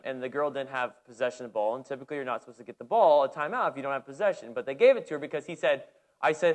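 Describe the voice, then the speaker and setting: A man preaching a sermon who tells a personal coaching story, animated and full of restarts and repeated words. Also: a little high. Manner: animated storytelling, shouting when reliving the game, many restarts. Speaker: pastor and girls' basketball coach.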